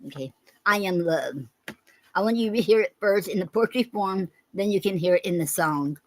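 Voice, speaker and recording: A woman's voice: mid-range voice, no echo, rough recording. Brief: woman poet hosting her own show, mid-range voice, reads plainly and stops often for ums, dry close sound. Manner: halting, many okays and ums between readings. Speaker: poetry show host. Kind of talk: reading her own poetry aloud.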